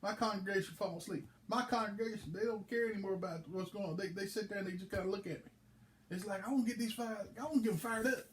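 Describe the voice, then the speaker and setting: A man's voice: high voice, fast talker, reverberant, slight background noise, voice pushed up, close to an everyday voice. A man voicing a frustrated male preacher who pleads about his sleepy congregation. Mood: pleading. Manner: whiny, pleading complaints.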